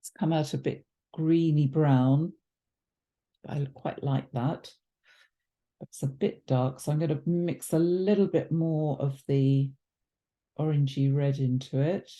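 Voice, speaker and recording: A woman teaching watercolour talks slowly in a low voice during an easygoing demonstration. Her chatter wanders as she thinks aloud, dropping ums and correcting herself.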